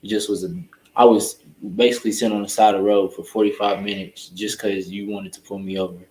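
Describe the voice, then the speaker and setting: A man's voice: on the low side, level tone, fast, darkish tone, reverberant, slight background noise, poor audio. A young man, a college student on a panel, telling a story in a matter-of-fact, casual way. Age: young adult.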